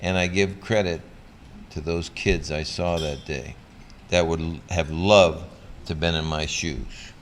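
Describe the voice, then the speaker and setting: An older man, a former pro athlete, giving a motivational talk full of personal stories that he acts out with lively, sometimes loud energy. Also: sits low, a little slow, a little hiss or hum. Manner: animated storyteller who acts out scenes, loud when excited.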